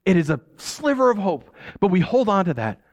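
A man's voice: high-pitched, very animated, a little fast, no room sound. A middle-aged man preaching a conversational sermon as a pastor. He repeats phrases for emphasis and acts out quoted voices.

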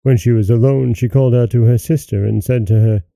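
Male storyteller, measured fairy-tale narration, low and gravelly. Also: fairly even intonation, mellow, dry recording. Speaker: host and storyteller.

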